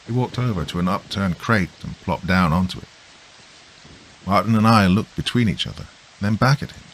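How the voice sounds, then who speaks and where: A man reading a horror story in first person with a low, hushed, measured delivery. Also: big pitch swings, rough recording. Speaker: narrator. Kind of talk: scripted horror narration. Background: soft rain.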